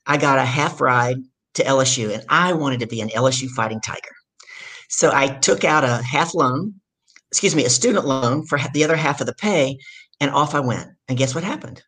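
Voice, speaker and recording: A woman from the Deep South, a guest on a podcast, telling her story in a loud, energetic way. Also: brisk, husky. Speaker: guest, leadership coach.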